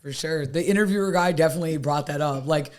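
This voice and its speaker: A man's voice: on the high side, fast. A man co-hosting a podcast in loose casual chat, rambling with lots of fillers and laughing asides. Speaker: podcast co-host.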